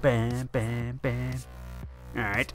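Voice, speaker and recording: A man's voice: mid-range voice, flat delivery, very slow, soft background music. A man giving silly, giggly let's play commentary over a video game. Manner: giggly, silly and loud, laughing often. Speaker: gameplay commentator.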